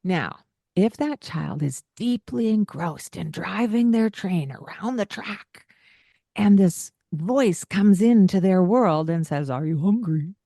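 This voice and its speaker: A woman's voice: medium pitch, animated, takes it slowly, vocal fry, dark tone, no echo, clean studio sound. A woman hosting a parenting podcast in casual chat, laughing often and acting out the lines a parent might say.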